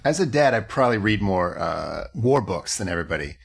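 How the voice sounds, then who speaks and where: A man co-hosting a comedy podcast, making deadpan jokes. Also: fairly low pitch, brisk, gravelly, slightly rough. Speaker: podcast co-host.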